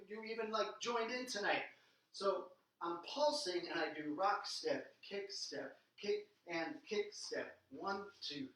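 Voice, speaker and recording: Energetic male dance teacher, echoey room. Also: on the high side. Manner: energetic, coaching, counts out beats while dancing. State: a little out of breath. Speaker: swing dance instructor. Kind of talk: live online dance lesson.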